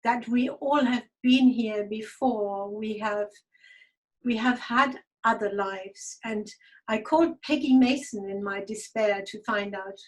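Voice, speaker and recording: A woman giving a halting, reflective personal spiritual testimony, audibly emotional. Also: medium pitch, rough recording. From Germany. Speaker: guest speaker.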